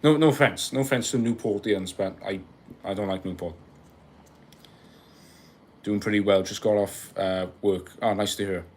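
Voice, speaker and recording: A man's voice: lowish voice, steady tone, moderate pace, long pauses, a little mellow. A young Welsh man hosting a casual live stream, chatting and joking with viewers, laughing often and rambling through asides. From Wales. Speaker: livestream host. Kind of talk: casual live-stream chat reading comments.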